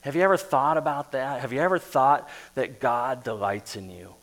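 A middle-aged man preaching a sermon as pastor, earnest, with soft quiet drops and emphatic bursts. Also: medium pitch, expressive, normal speed.

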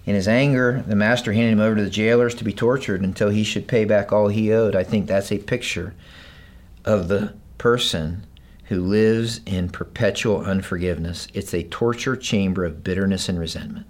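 Man preaching with dramatic swings. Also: normal speed. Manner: dramatic, swings between loud emphasis and hushed low delivery; acts out the parable's characters in raised voices. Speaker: pastor. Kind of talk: sermon.

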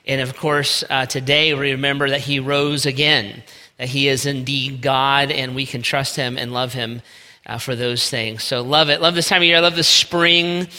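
A man's voice: medium pitch, steady tone, normal speed, bright, forceful tone. A man in his forties, a pastor giving a folksy, self-deprecating sermon with a personal story in a church sanctuary. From Northeast Ohio. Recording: long hall reverb.

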